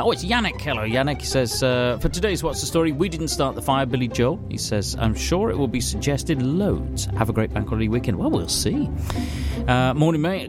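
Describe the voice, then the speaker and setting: Chatty radio presenter. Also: male voice, mid-range voice. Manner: chatty, chuckling, offhand fillers. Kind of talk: casual radio chat reading listener messages. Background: music.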